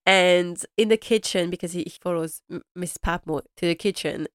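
A woman's voice: lowish voice, no room sound, studio quality. Chatty woman recapping with frequent laughs. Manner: chatty, laughs often, retells scenes. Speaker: podcast host. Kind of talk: casual episode recap.

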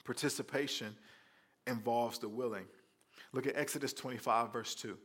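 A male pastor preaching a sermon in a conversational, animated way, with playful asides to the congregation. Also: mid-range voice, normal speed.

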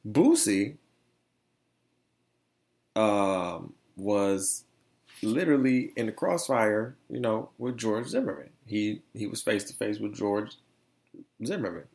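Low gravelly slangy podcast host. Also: male voice, slow, long pauses. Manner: slangy, rambling, animated storytelling. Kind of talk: casual solo podcast chat.

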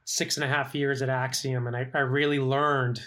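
A middle-aged man speaks as an interview guest in his ordinary mid-range voice. He tells his story in a lively way, often slipping into the quoted voices of people he worked with. His talk is conversational, with frequent fillers. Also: medium pitch, normal speed. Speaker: guest, legal operations professional.

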